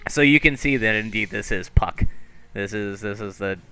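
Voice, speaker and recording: A man running a tabletop game as game master, narrating in a halting way with restarts. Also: lowish voice, pushed and bright, clean tone, soft background music. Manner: halting, with many restarts and fillers.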